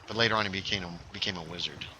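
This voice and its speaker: An easygoing man chats and jokes with a friend while streaming a game. His voice has a very bright, forward tone, and a faint hiss sits under the home microphone. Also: low-pitched, very fast. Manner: easygoing, chatty, laughs often. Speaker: streamer playing Minecraft with a friend. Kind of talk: casual gameplay chat.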